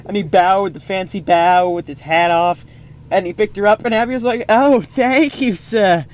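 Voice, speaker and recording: A man's voice: high voice, moderate pace, clear, resonant tone. A man improvising a comic story, rambling with playful asides.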